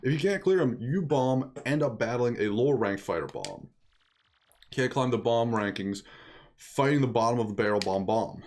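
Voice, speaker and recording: A man voicing a gruff male video game brawler who keeps tacking a tic word onto his sentences. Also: medium pitch, expressive, moderate pace, a little mellow, slight background noise, close to an everyday voice. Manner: drops a repeated word tic.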